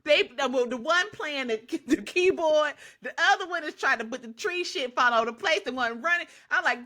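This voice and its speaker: A woman's voice: high voice, animated, fairly quick, few pauses, pushed and bright. A woman co-hosting a podcast in casual chat, with laid-back, laughing asides. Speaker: podcast co-host.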